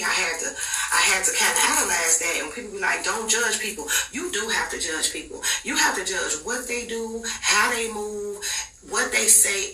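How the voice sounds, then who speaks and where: A woman hosting a podcast, telling a personal relationship story in animated, slangy casual talk, recorded off-mic with a roomy echo. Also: fairly low pitch, recorded from a distance, slight background noise. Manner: animated, slangy, dramatic retelling. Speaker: podcast host.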